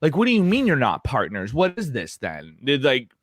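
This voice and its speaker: A man's voice: mid-range voice, huge pitch swings, moderate pace, no echo, studio quality. A man co-hosting a podcast, chatting casually, rambling and getting worked up with frequent swearing. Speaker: podcast co-host. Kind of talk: casual chat.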